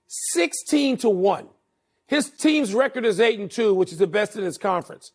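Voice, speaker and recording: An older man co-hosting a sports talk show, arguing emphatically and slowing down to hammer his points. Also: sits high, lively intonation. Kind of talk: heated sports debate.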